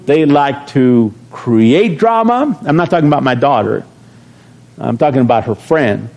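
A middle-aged man preaching a sermon as pastor, folksy and joking, rising into shouted calls to the congregation. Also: mid-range voice, lively intonation, a little slow, vocal fry.

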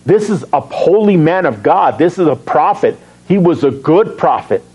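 Pastor guy preaching, kinda high voice, keeps asking the crowd questions. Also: normal speed, breathy edge, poor audio. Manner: animated, asks the congregation questions and answers himself. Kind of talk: sermon.

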